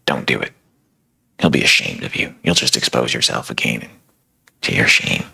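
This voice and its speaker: A man voicing a sneering inner spirit that taunts and accuses in a low, hissing, relentless way. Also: animated, normal speed, creaky, sharp tone, husky, heavily acted. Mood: accusing.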